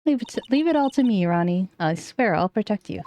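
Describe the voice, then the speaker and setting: A woman's voice: mid-range voice, animated, brisk, warm tone, slight background noise, natural voice. A woman voicing a doting, flirty wife who drops French words, in a sweet, coaxing manner.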